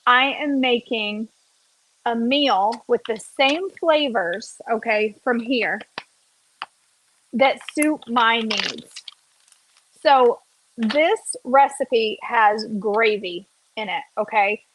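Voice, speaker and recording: Woman, slightly high voice, casual cooking vlog, chatty. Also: takes it slowly, a bit bright, slight background noise. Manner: chatty, often adds "okay?" and "y'all". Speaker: cooking vlogger.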